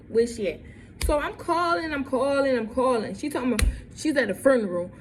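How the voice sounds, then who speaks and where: A woman's voice: high-pitched, brisk, background noise. A young woman telling a story in a vlog, repeating lines and acting out what people said. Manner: animated, repeats lines, acts out quotes. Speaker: vlogger.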